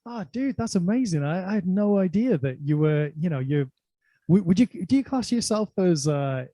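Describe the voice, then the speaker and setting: A man with a somewhat high but mellow voice hosts a relaxed interview. He asks eager questions loaded with fillers, and the sound is dry and close. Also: normal speed, no room sound. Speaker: interview host. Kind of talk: casual interview chat.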